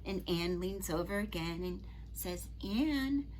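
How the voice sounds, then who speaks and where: A middle-aged woman and Reiki master telling personal stories to camera in an earnest, gentle, chatty way. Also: lowish voice, unhurried, a little hiss or hum. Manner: earnest, gentle, chatty with frequent "you know". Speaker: Reiki master and spiritual teacher.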